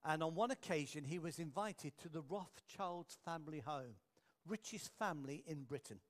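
A male preacher with a somewhat high voice, telling anecdotes in an earnest sermon. He turns quiet and slow for his key points. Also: lively intonation. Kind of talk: storytelling sermon.

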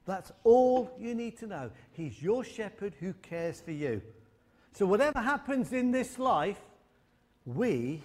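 A man's voice: a little high, sing-song, unhurried, a little mellow. A male preacher delivering a sermon, mixing humorous stories with emphatic repeated phrases. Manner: storytelling with humor and emphatic repetition.

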